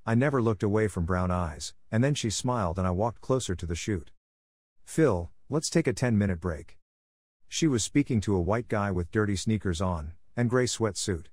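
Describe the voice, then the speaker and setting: A man calmly narrating a first-person story in a plainspoken, unhurried way. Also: lowish voice, dry recording, studio quality. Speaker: audiobook narrator.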